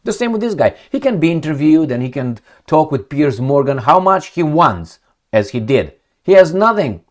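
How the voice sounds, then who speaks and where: A man giving blunt, sarcastic political commentary, mocking and jabbing, then dropping into muttered asides. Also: mid-range voice. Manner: animated, swings between loud jabs and muttered asides. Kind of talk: casual commentary vlog.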